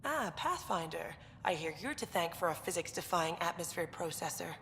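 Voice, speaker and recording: A woman's voice: on the low side, expressive, moderate pace, slight background noise. An actress voicing a wry, matter-of-fact female research director in a video game. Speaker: game character. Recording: game audio with reverb and loud music.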